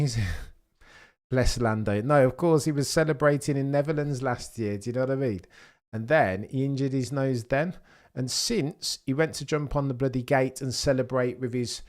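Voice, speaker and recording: A man hosting a live racing watchalong, rambling casually and talking straight to his chat with easy laughs. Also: mid-range voice. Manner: chatty, rambling, quick to laugh, talks to chat directly.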